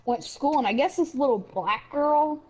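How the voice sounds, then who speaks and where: A woman's voice: high-pitched, moderate pace, a little mellow. A woman and mother chatting casually on a podcast, telling blunt, rambling anecdotes. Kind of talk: casual chat. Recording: dull lo-fi recording.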